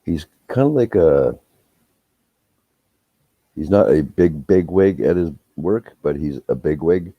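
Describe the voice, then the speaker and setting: Very deep-voiced man, profane storyteller. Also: slow, long pauses, husky, dry recording. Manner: profane, rambling, animated when retelling quarrels. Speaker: live streamer telling stories. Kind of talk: casual storytelling chat. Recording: dull, muffled audio.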